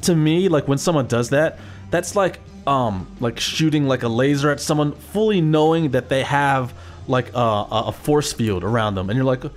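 A man in casual chat, telling road stories in a profane, animated way. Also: mid-range voice, moderate pace, soft background music. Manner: profane, animated storytelling with acted-out quotes.

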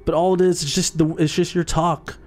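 A man's voice: fairly high pitch, level tone, a little fast, darkish tone. A man in casual podcast chat, riffing playfully on goofy ideas.

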